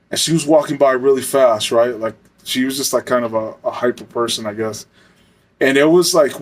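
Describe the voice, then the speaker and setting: Guy telling a story casual, rambly and swears a lot, regular middle pitch. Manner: rambling, lots of filler words and profanity. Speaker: storyteller, former corrections officer.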